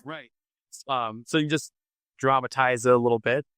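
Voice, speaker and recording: A man who smokes, talking casually as a guest on a podcast, rambling and relaxed with lots of fillers. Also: medium pitch, moderate pace, clear, resonant tone, dry recording. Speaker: podcast guest, oddities artist. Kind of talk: casual interview chat.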